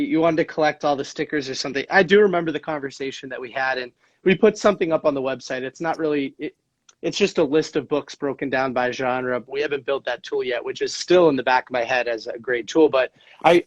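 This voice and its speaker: A man's voice: mid-range voice, no room sound. A man with an easygoing, agreeable manner talks through an idea in casual conversation. His voice arrives over a slightly dull, dry remote line with no room sound. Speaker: guest. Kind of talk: casual conversation on a live stream.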